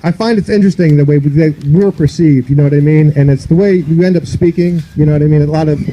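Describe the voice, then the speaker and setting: A man's voice: on the high side, quick pace, dark tone, poor audio. A man from the northern United States doing a loose, rambling stand-up comedy set on an outdoor park stage, filling his talk with "you know".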